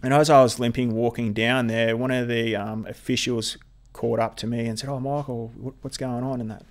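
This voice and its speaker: A man speaks as a podcast guest, recounting his own story. His voice sits at an ordinary middle pitch, and he talks haltingly, often circling back and repeating words as he goes. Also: little pitch movement. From Australia. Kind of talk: telling a personal story in an interview.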